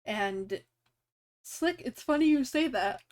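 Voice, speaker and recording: Woman, game master, tabletop narration, slow pace, relaxed, laughs often. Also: sits high.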